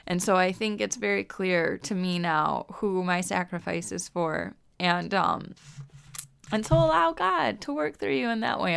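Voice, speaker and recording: A woman's voice: fairly low pitch, gravelly, a bit bright, smooth. A young woman hosting a faith talk, speaking earnestly and from the heart in a reflective devotional manner. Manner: earnest, heartfelt, near tears at times. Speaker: faith podcast host.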